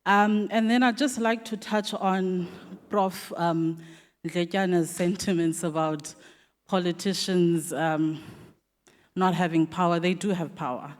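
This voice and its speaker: A woman's voice: fairly low pitch, steady tone, unhurried. A South African woman, an assistant editor, thanking guests and giving remarks at a community dialogue, with many ums and restarts. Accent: South African English. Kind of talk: public vote of thanks and remarks. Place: hall at a community dialogue event. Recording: long reverb of a venue hall.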